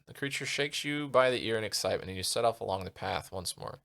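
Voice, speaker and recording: A man's voice: on the low side, lively intonation, fast talker, gravelly, few pauses, fairly bright tone. A male streamer reading a gamebook aloud and muttering asides to himself as he decides what to do. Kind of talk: casual narration while playing a gamebook.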